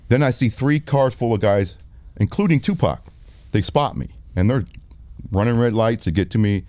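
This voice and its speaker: Brief: man, 50s, director guest, low mellow voice, dry close sound, profane and animated storyteller. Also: moderate pace, no room sound. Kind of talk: candid storytelling interview.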